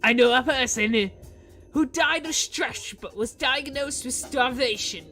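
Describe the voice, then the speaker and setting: A man's voice: very high-pitched, measured pace, bright, forceful tone, faint music behind, pitched above the performer's own voice, heavily acted. A woman voicing a mysterious masked man in a game, speaking formally and cryptically in a theatrical put-on accent. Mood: advising.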